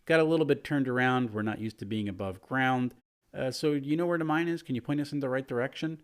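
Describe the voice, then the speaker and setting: A man's voice: mid-range voice, quick pace, pitched above the performer's own voice, lightly acted. A man doing pushy, touchy kobolds. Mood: wheedling. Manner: wheedling, then huffy and offended. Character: pushy, touchy kobold miners, small and lost.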